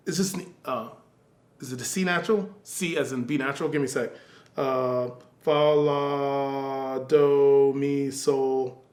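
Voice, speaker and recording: A man's voice: on the high side, moderate pace, a bit bright, reverberant. A man giving feedback in a casual spoken lesson, singing passages aloud in syllables and talking in loose restarts. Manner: scats the music aloud in sung syllables. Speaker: music teacher giving feedback.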